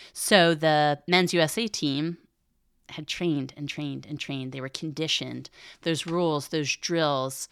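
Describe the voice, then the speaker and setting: Earnest woman host with a deep, gravelly voice, explains things conversationally. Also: fairly bright tone, no echo, clean studio sound. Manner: earnest, retells a film scene to explain a point; thinks aloud with frequent restarts and asides. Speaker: Catholic podcast host. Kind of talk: conversational teaching reflection.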